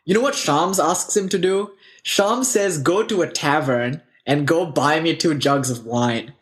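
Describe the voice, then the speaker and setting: A man with a somewhat high voice tells spiritual stories in a loose, casual way. He talks animatedly and leans on lots of fillers and asides as he goes. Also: measured pace.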